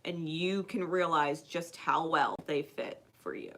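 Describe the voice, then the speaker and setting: Bright-voiced woman, emphatic and profane. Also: low-pitched, fairly even intonation, a little slow, hardly any pauses. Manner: emphatic, swears constantly, laughs often. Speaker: spiritual card reader. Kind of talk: casual unscripted monologue to viewers.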